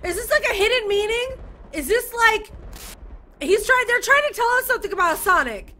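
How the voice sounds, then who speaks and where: A woman's voice: very high-pitched, lively intonation, normal speed, pushed and bright. A young woman reacting to a horror game, squealing, laughing and screaming in fright. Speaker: gaming youtuber.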